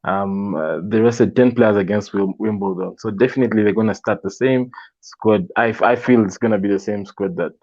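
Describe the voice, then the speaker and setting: Low-voiced laughing football pundit man. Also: moderate pace, darkish tone, no room sound, highs cut off. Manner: laughing, confident, trash-talking predictions. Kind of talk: casual panel chat.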